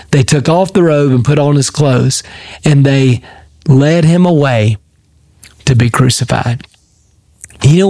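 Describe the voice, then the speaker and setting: A man's voice: mid-range voice, creaky, a little mellow, no room sound. A man, a pastor, giving a heartfelt devotional Bible teaching and leading a prayer in an earnest, emphatic way. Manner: leads a prayer aloud.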